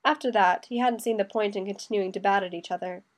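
A woman narrating a story as an audiobook reader. Her delivery is steady and even. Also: medium pitch, quick pace. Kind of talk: scripted narration.

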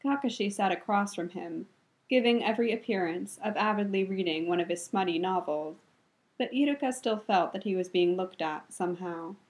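Brief: woman narrator, calm measured storybook reading, mid pitch.

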